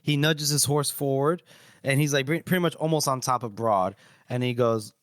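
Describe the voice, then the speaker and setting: A man co-hosting a podcast retells a story in a loose, rambling way and swears casually. His voice sits at an ordinary pitch for a man. The sound is dry and close, with no room behind it. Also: moderate pace, fairly bright tone, no room sound. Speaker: podcast co-host recapping chapters.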